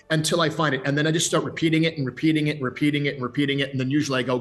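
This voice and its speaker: Animated man chatting about voice acting. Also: fairly high pitch, fast, hardly any pauses, faint music behind. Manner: animated, energetic, with many restarts. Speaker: voice actor. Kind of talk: interview chat.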